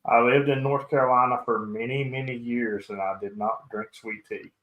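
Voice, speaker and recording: Male host, casual rambling chat, mid-pitched, lots of restarts. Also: steady tone, moderate pace, narrow, tinny audio. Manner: rambling, self-interrupting. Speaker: podcast host.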